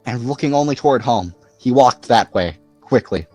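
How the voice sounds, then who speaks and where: A man narrating a novel aloud in an expressive, lively storytelling manner. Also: mid-range voice, normal speed, no echo, soft background music. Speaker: audiobook narrator. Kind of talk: scripted narration.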